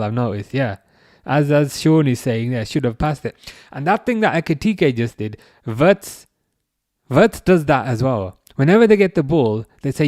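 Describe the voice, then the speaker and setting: A young man with a medium-pitched voice hosts a live football watchalong, reacting to the match and answering chat, bursting out excitedly at big chances. The sound is clean and studio-like, with no echo.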